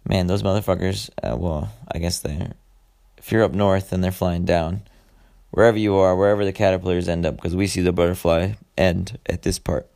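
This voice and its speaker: A man's voice: sits low, steady tone, moderate pace, vocal fry, darkish tone. A young man hosting a solo podcast, rambling casually with lots of swearing and filler words. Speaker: podcast host.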